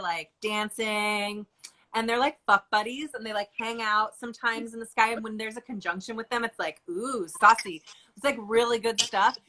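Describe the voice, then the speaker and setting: A woman hosting a casual online chat, talking in an animated way, swearing and laughing now and then. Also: on the high side, slight background noise. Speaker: host.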